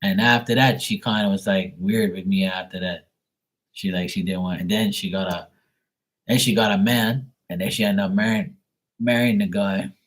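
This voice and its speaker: A man's voice: sits low, steady tone, moderate pace. A man hosting a live stream who tells stories in a rambling, blunt, profane way. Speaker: live tarot reading host. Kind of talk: casual storytelling on a live stream.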